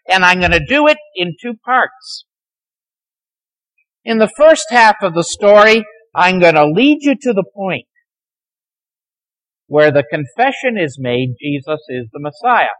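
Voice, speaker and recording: A man lecturing a class on the Bible, telling its stories dramatically and sometimes dropping to a near hush. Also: high-pitched, poor audio. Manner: dramatic storytelling, dropping to near hushed tones.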